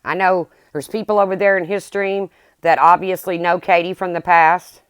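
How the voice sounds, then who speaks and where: A woman's voice: fairly low pitch, fairly even intonation, normal speed, clean tone, no room sound. Angry, profane woman ranting on a livestream. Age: middle-aged. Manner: blunt, profane, heated.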